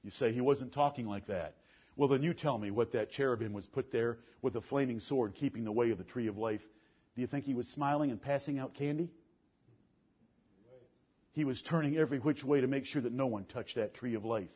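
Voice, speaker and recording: A man preaching a fiery sermon, his voice husky and a little breathy. He swings from loud, emphatic declarations down to low, intense talk. The recording is muffled and lo-fi. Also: brisk.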